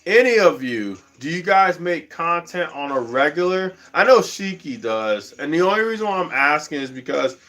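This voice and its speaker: A man's voice: fairly high pitch, lively intonation, moderate pace, hardly any pauses, fairly bright tone. A man hosting a livestream in a slangy, rambling casual chat, laughing often. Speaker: livestream host.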